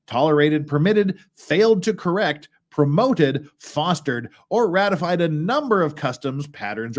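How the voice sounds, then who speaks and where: A man hosting a casual live stream about legal cases, reading out documents and adding blunt, wry remarks in a rambling way. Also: on the high side. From United States. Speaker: legal commentary host. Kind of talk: casual livestream commentary.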